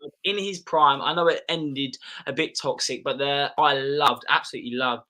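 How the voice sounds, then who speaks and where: A man's voice: medium pitch, fairly even intonation, normal speed, bright, forceful tone. A young man co-hosting a casual livestream chat, effusive and gushing. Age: young adult. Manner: effusive, gushing about players. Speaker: co-host.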